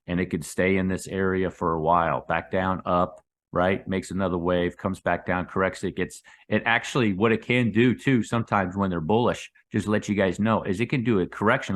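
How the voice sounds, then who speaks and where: A man giving casual commentary on crypto charts, rambling and calling his viewers "guys," with his voice dropping low on those asides. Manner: rambling, addresses viewers as guys, drops low on tag words. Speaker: crypto market analyst.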